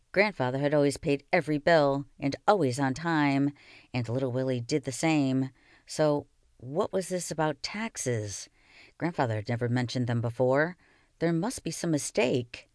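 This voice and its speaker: A woman reading a children's novel aloud with slow, expressive storytelling. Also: deep voice, clear, resonant tone, no echo, studio quality. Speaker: reader.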